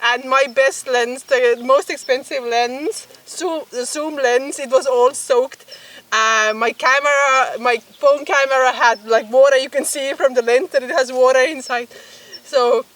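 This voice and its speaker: A woman's voice: sits high, steady tone, a little slow, fairly bright tone. A woman photographer telling a story to the camera outdoors by a bog, giggling often as she talks. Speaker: photographer and vlogger. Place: outdoors by a bog, with bugs around. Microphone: camera mic, filmed outdoors. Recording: voice a bit distant from the camera mic.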